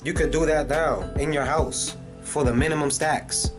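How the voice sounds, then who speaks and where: A man's voice: fairly high pitch, steady tone, moderate pace. A man ranting casually in a video commentary, swearing and using many fillers. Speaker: vlogger. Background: music.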